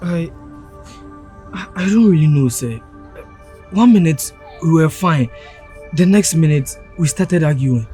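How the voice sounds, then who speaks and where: An actor playing a confused young student who explains haltingly to a teacher. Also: mid-range voice, lively intonation, mellow, faint music behind, close to an everyday voice. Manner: hesitant, halting.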